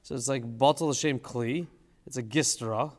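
A man's voice: medium pitch, normal speed, big-room sound. A man teaching a casual study session, thinking aloud and asking questions, with Hebrew terms mixed into his English.

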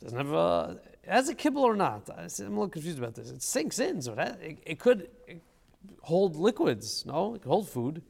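A man's voice: a little high, sing-song, moderate pace, creaky, a little mellow, big-room sound. A man teaching a casual study session, thinking aloud and asking questions, with Hebrew terms mixed into his English.

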